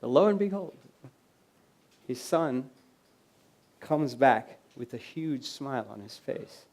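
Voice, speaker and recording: A man giving a conference keynote in a lecture hall, telling stories conversationally and dropping to a quiet voice for quoted lines. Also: medium pitch, animated, slow pace. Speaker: keynote speaker.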